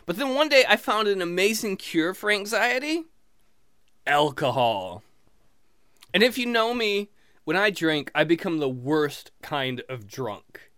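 A man performing a stand-up routine with animated, self-mocking storytelling. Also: high-pitched, normal speed, clean tone, no room sound, studio quality. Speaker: stand-up comedian.

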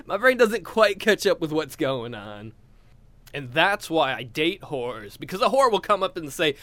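A young man from West Virginia with a West Virginia accent, doing a crude stand-up comedy set and jumping into shrill put-on voices. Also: big pitch swings, normal speed, a bit bright, dry recording.

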